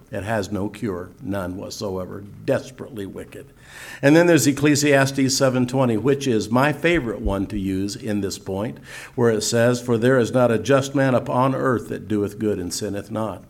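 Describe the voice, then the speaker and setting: An older man preaching and teaching, reading scripture slowly and solemnly between folksy asides. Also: medium pitch. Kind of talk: sermon-style teaching.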